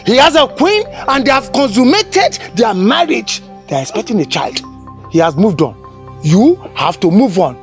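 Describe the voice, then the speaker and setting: A man's voice: sits high, big pitch swings, normal speed, faint music behind. An actor with a Yoruba Nigerian accent playing a stern, dismissive father who scolds his daughter. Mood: scolding. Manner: scolding, mixes in Yoruba phrases. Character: stern, dismissive father, a powerful village elder. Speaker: father, village chief.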